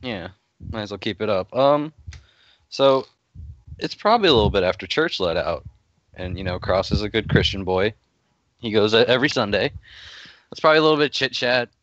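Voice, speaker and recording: A man's voice: on the low side, animated, fairly quick, pauses often, fairly bright tone, no room sound, dull audio. A man playing a tabletop game, hesitant with many fillers. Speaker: player. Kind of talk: casual tabletop play.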